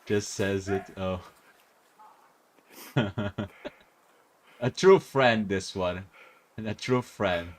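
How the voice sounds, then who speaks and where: A man's voice: on the low side, extremely slow, pauses often. A male streamer chatting casually and reacting with frequent laughter while watching a video.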